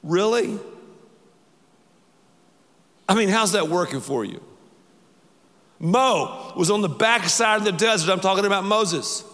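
Male pastor, bright high voice, emphatic and repetitive, big hall reverb. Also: normal speed. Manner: emphatic, repetitive preaching, leads the congregation in call-and-response. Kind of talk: sermon.

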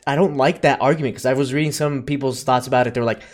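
A man in casual chat about a film, excitable, swearing a lot and acting out his own reactions. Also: medium pitch, rapid-fire.

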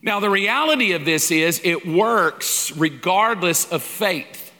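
A man's voice: sits high, expressive, takes it slowly, sharp tone. A man preaching a sermon-style lesson in a folksy, humorous way, acting out little dialogues. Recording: long hall reverb.

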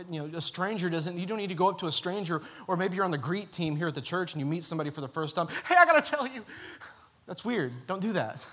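Male pastor, fairly high voice, earnest, repetitive and urging. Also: fairly bright tone, breathy edge. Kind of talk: sermon. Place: church.

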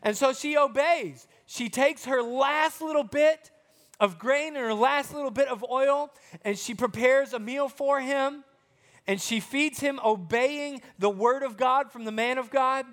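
A man with a very high voice tells a Bible story to a group of children. He keeps it chatty and playful and speaks straight to the kids as he goes. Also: measured pace, a bit bright.

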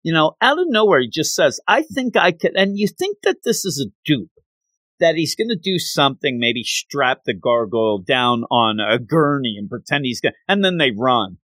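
A man casually retelling a comic book story, acting out the characters with quick asides. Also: mid-range voice, very animated, a bit bright, dry recording.

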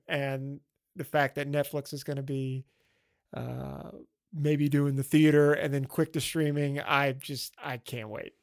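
Casting note: a man, film podcast co-host, excitable, rambly, from the South. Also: a little high. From American South. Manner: enthusiastic, rambling with fillers. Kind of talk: casual film chat.

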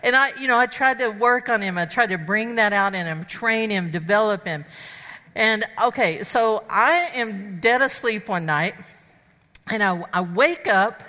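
A woman speaker telling a funny personal story to an audience of women, animated and acting out the dialogue. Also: mid-range voice. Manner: animated, acts out dialogue and sound effects. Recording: long hall reverb.

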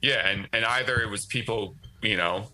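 A man's voice: on the low side, moderate pace, bright, forceful tone, rough recording. A man speaking as a guest writer in a casual political discussion, talkative and thinking aloud with frequent restarts.

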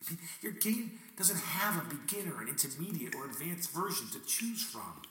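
A man with a high, bright voice that swings widely, performing a theatrical monologue aimed at God. He shifts between wry questions and blunt curses. The sound is roomy and distant, with faint noise underneath. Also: big pitch swings, normal speed. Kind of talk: dramatic spoken monologue addressed to God. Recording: echoey room, mic at a distance, faint noise.

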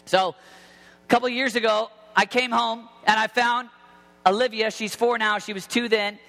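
A man in his thirties preaching an impassioned sermon to teenagers as a youth pastor, often shouting. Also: high-pitched, fairly even intonation, moderate pace, vocal fry. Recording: long hall reverb.

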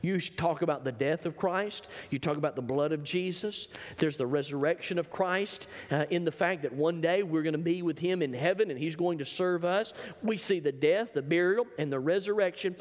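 Preacher guy, kinda high voice, gets loud then drops way down, big church echo. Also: normal speed, few pauses. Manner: impassioned preaching, building to shouts and dropping low. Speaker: pastor. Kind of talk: sermon. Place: church sanctuary.

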